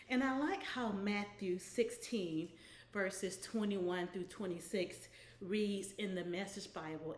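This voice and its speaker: Woman doing a weekly devotional, slow and chatty, keeps saying right, echoey room. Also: medium pitch. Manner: conversational, often adds "right?". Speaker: devotional host. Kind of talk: weekly inspirational devotional talk.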